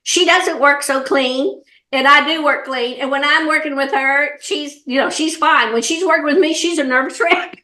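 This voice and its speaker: A middle-aged woman with a Southern US accent, an animated, folksy comedian chatting in an interview. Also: high-pitched, normal speed, reverberant. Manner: animated storyteller, laughs often, folksy. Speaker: comedian and actor, interview guest. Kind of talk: casual interview chat.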